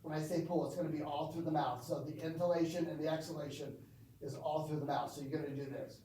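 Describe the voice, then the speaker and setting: Guy leading a breathwork class, kinda high voice, echoey room, mic far off. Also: steady tone, fast talker, warm tone, a little hiss or hum. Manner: explanatory, asks the group questions. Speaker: breathwork instructor. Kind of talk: instructing a group. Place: gym or team room.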